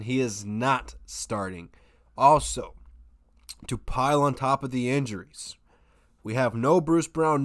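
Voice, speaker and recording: A man's voice: mid-range voice, no room sound, clean studio sound. A man hosting a live basketball watch-party stream, chatting casually with his viewers, often restarting his sentences. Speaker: sports live stream host. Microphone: desk microphone.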